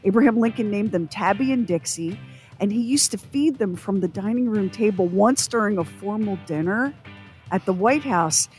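A woman's voice: medium pitch, animated, normal speed, a little mellow, faint music behind. A woman co-hosting a radio show, telling an anecdote in casual banter. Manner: storytelling, reads sponsor copy.

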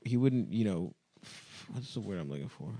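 A man's voice: lowish voice, expressive, moderate pace, dark tone, breathy edge. A man who is a stand-up comedian, co-hosting a podcast and telling crude stories with frequent laughter. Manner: crude, laughs often, gossipy storytelling. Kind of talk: casual comedic chat.

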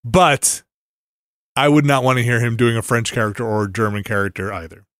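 A man's voice: mid-range voice, a little fast, a bit bright, no room sound, studio quality. A man hosting a podcast in casual chat, laughing often and trailing off into mumbles. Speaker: podcast host.

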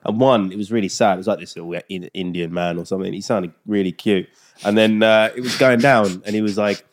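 A young man co-hosting a podcast, laughing often and chipping in quickly in casual banter. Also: lowish voice, steady tone. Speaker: podcast co-host.

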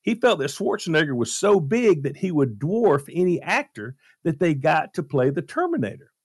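Radio guy telling a story, kinda high voice, very animated, dry studio sound. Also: moderate pace, husky, no room sound. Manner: lively, animated retelling with fillers. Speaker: radio show host. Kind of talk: casual storytelling chat.

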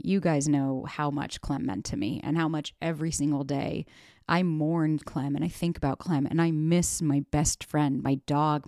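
A woman's voice: low voice, warm tone, dry recording, clean studio sound. A woman hosting a podcast, talking candidly and animatedly, swearing freely. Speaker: podcast host. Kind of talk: casual candid chat.

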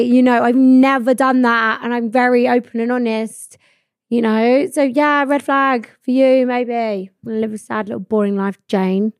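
A woman's voice: fairly high pitch, steady tone, normal speed, no echo, clean studio sound. A young woman, hosting a podcast in blunt, sweary casual chat full of "like". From England. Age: 20s. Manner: blunt, sweary, laughing, lots of "like". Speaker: podcast host.

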